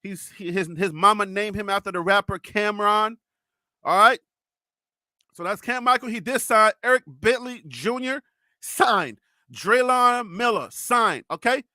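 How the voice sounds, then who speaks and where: A man with a high, bright voice hosts a live sports stream, teasing his chat and breaking into laughter. The sound is dry and close on the mic. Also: measured pace, no echo. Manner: teasing, loud, bursts of laughter, talks to chat viewers. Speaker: live sports show host.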